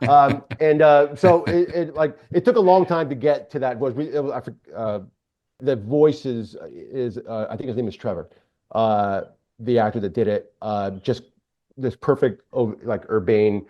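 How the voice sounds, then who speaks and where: A man's voice: medium pitch, moderate pace. Film director guy telling stories, lots of "uh"s, kinda muffled lo-fi audio. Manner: relaxed storytelling, frequent "uh"s. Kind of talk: casual interview chat. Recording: dull lo-fi sound.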